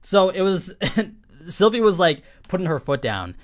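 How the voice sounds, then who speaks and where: A man's voice: sits high, sing-song, measured pace. A young man hosting a casual live-stream anime review, talking in a chatty, emphatic way, full of 'like' and 'you know'.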